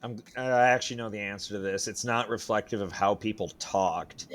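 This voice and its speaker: Podcast guy, low voice, dry jokes, teases his buddy, some swearing. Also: fairly quick. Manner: dry, teasing banter with profanity. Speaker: podcast co-host. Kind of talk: casual chat.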